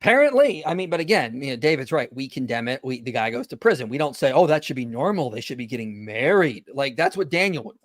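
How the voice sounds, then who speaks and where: A man's voice: medium pitch, sing-song, fast, hardly any pauses, dry recording. Male host in his thirties, casual and dismissive, dry close sound. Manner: casual, many filler likes, dismissive. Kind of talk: casual online panel discussion.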